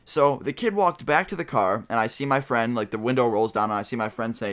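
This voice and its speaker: A man's voice: medium pitch, a little fast, fairly bright tone. A young man vlogging a casual storytime, rambling and swearing freely as he retells events to his viewers.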